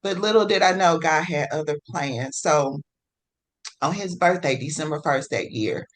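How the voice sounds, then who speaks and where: A woman telling her own story as a podcast guest, swinging between hushed and excited and acting out her own past words. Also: sits low, moderate pace. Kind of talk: personal storytelling in a podcast interview.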